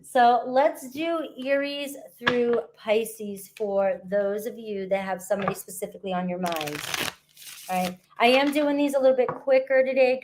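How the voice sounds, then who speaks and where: A woman talks viewers through a tarot reading from a spot at the beach. Her voice sits a little high and she keeps the flow loose and conversational. She often pauses to check in with her listeners. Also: background noise. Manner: chatty, frequent "all right?" and "okay?" check-ins. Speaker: tarot reader. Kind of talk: casual tarot reading to camera. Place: outdoors at the beach.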